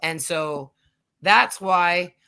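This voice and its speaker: Gravelly lady ranting on her stream, bright sound, cussing and rambling through stories. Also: fairly low pitch, very slow. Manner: profane, rambling storytelling. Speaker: livestream host. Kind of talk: casual chat.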